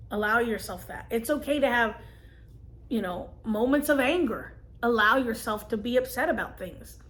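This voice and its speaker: Earnest, higher-voiced woman. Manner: earnest, gentle, emotional at times. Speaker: vlogger. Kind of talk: personal story and advice to camera.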